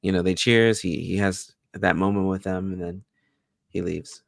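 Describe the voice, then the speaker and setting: Low gravelly guy walking through the episode plot, lots of "you know"s. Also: moderate pace, no echo, clean studio sound. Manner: steady plot retelling with fillers. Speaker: podcast co-host. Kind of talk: casual TV recap chat.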